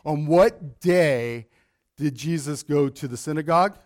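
Higher-voiced pastor quizzing his congregation. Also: a little slow. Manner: animated, quizzes the congregation with questions. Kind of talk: sermon with Bible teaching.

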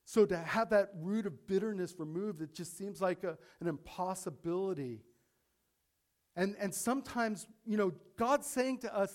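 A man preaching a sermon as pastor, acting out pleas to God with rising intensity and slowing down to stress key points. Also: sits high, expressive.

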